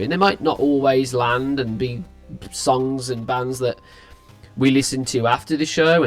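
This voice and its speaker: A tired young man talks through his reaction to a song in a loose, rambling way. He stops and restarts often, keeping things casual and friendly as the channel's host. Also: mid-range voice. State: tired, yawning.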